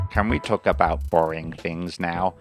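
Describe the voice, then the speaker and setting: A man hosting a language lesson podcast in an upbeat, jokey way, often stumbling over his words. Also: on the low side. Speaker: podcast host. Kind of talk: casual language lesson chat.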